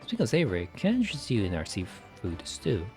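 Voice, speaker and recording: A man's voice: lowish voice, over music. A man doing a chatty sly tavern keeper. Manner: lively, salesy, quick.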